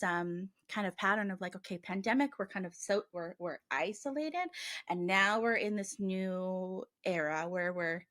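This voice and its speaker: A woman's voice: mid-range voice, no room sound. Chatty woman with a dry, close sound. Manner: chatty, heavy use of "like", reads passages aloud. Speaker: podcast co-host and medium. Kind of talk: casual chat.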